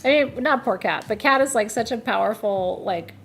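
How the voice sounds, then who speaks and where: Co-host, woman, chatty and playful, fairly high voice, faint noise behind. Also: moderate pace. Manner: chatty, playful, breaks into laughter. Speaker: co-host of live crystal show. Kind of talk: casual chat.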